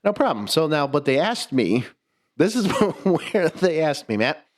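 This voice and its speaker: A man's voice: on the high side, sing-song, a little slow, slight background noise. A young man co-hosting a podcast, telling a story in casual chat, swearing freely, laughing mid-sentence and restarting his words. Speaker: podcast co-host.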